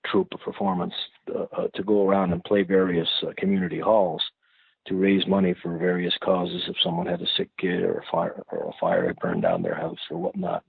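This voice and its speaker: A man from Prince Edward Island, Canada, giving thoughtful, unhurried interview answers as a singer-songwriter guest, searching for his words. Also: low-pitched, vocal fry, slightly rough, dry recording. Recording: tinny phone-like line, dry.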